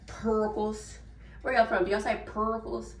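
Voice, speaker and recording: A woman's voice: on the low side, unhurried, a bit bright, recorded from a distance, slight background noise. A woman from Memphis with a Southern accent, chatting casually to viewers while she cleans up in her home kitchen. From Memphis, Tennessee. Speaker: vlogger. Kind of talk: casual lifestyle vlog. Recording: roomy, from off the mic.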